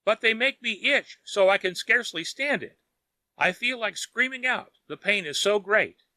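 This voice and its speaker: A man's voice: sits high, lively intonation, normal speed, pushed and bright, dry recording, voice pushed up, heavily acted. A man voicing a miserly, desperate old man who wails and pleads frantically. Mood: begging. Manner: frantic, begging.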